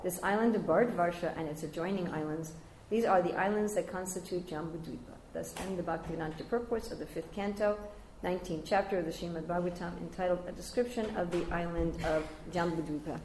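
An older woman giving a devotional scripture class, telling stories lively and raising her voice high whenever she quotes others. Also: brisk, hardly any pauses, slight background noise. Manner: animated storyteller, jumping high when quoting others. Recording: roomy echoey room.

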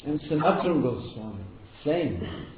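A man's voice: fairly high pitch, lively intonation, measured pace. A man giving a devotional talk, telling stories and often repeating words for emphasis. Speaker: spiritual teacher. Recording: echoey room over a tinny phone-like line with background noise.

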